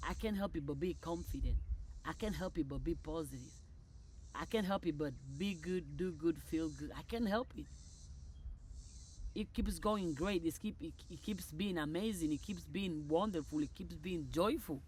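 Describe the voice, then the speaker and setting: A woman's voice: low-pitched, moderate pace, a little hiss or hum. Exuberant woman chanting affirmations. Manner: exuberant, repetitive, rising loud bursts. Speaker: motivational creator. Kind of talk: spoken affirmations.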